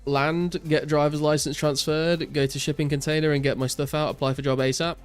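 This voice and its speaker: A young man streaming a game, reading chat aloud and answering viewers in a relaxed way, full of "like" and "um". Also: fairly high pitch, a little fast, clear, resonant tone, soft background music. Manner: relaxed, reads out chat messages and answers viewers with many fillers. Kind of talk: casual live-stream chat while gaming.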